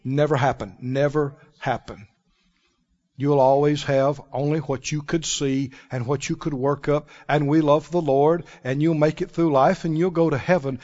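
A man preaching a sermon, emphatic and animated, often breaking into laughter. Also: a little high, moderate pace. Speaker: pastor. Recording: dull lo-fi recording.

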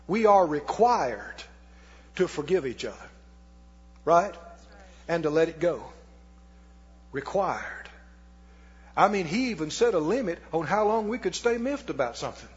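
A man preaching in a church, his voice pitched high and a bit husky, with folksy call-and-response to the congregation. The recording is dull and lo-fi, and a long hall reverb trails each phrase. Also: big pitch swings, unhurried, long pauses. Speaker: pastor. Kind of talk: sermon.

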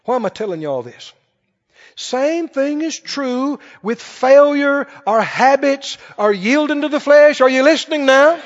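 A man's voice: extremely high pitch, expressive, measured pace. A man preaching a sermon, emphatic and storytelling, repeating his key phrases. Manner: emphatic, repeats phrases, tells stories with laughter. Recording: dull lo-fi with long hall reverb.

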